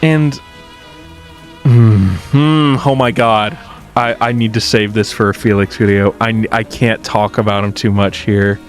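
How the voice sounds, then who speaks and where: A man's voice: on the low side, fairly even intonation, unhurried, faint music behind. A man giving casual reaction commentary on a horror series, ranting in exasperation and swearing, with frequent restarts.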